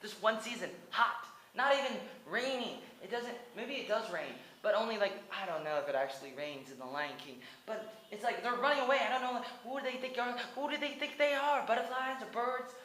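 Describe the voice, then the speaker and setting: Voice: mid-range voice, brisk, few pauses, sharp tone, reverberant, a little hiss or hum, rough recording. A speaker in their twenties from the United States, rambling through a comic retelling of a cartoon movie with stammered restarts and lots of "like". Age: 20s. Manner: rambling, stammering restarts, many likes, breaks into song.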